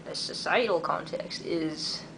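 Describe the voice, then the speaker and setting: A young man in his twenties from Canada talks excitedly in a casual video diary, using lots of "like" fillers. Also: on the high side, measured pace, creaky. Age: 20s. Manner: chatty and excitable, many "like" fillers. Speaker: vlogger and artist. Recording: noisy background.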